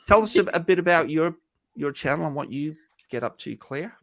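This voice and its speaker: A man with a gravelly, creaky voice hosts a casual live-stream panel chat. He rambles loosely, full of fillers and restarts. The sound is dry and close. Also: a little high, expressive, a little fast, dry recording. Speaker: host.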